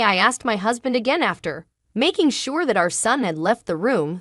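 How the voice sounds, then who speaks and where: A woman narrating a first-person dramatic story in an emotional, halting way. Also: on the high side, big pitch swings, a bit bright, no room sound, clean studio sound.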